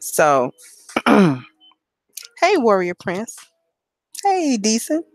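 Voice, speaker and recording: A woman's voice: mid-range voice, huge pitch swings, very slow, no echo. Blunt, profane woman live-stream host. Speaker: livestream host. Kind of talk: casual live-stream talk.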